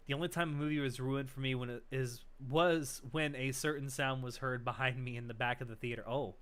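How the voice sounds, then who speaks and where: A man in a casual podcast chat, relaxed and quick to laugh. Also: medium pitch.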